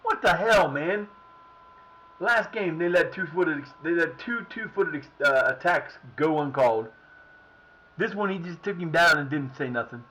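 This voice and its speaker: A man's voice: a little high, animated, normal speed, pushed and bright, rough recording. A man streaming a football management game, commenting live and venting at his players and the referee. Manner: frustrated, swearing, talking at his players and the referee.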